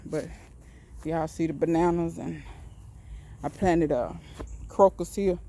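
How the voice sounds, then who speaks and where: A woman speaks slowly in a low, warm voice as she films a relaxed, rambling tour of her backyard garden and greenhouse on a handheld phone. She talks directly to her viewers in a folksy, walk-and-talk style.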